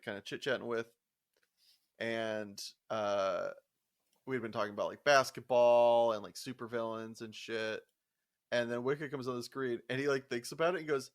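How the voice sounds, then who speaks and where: A young man co-hosting a casual podcast, with a voice that sits in the middle range. He tells stories from work in a loose, profane way, breaking into laughter and acting out what others said. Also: mid-range voice. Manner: profane animated storyteller, laughs often, acts out quotes. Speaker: podcast co-host. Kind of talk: casual chat.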